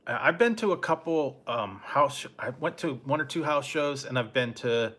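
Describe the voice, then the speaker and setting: A middle-aged man hosting a late-night live stream, telling a rambling, laid-back story with soft chuckles and answering chat. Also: medium pitch, expressive, moderate pace. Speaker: food review channel host.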